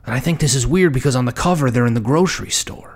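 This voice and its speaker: A man's voice: medium pitch, quick pace. A man giving comedic commentary on a children's book, often stammering and repeating words and dropping into whispered asides. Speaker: book reviewer.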